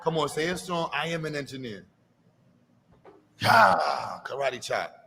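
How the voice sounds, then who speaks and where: A man's voice: fairly high pitch, expressive, measured pace, creaky, pushed and bright, a little hiss or hum. A man hosting a live expo, coaxing a child with playful, hype-filled encouragement. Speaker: event host. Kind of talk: energetic live event hosting.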